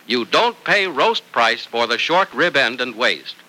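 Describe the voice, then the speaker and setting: An upbeat male announcer reading a vintage radio ad and narration. His voice is very bright and sharp, with lively swings in pitch. He speaks with a salesman's push. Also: measured pace, low-quality recording.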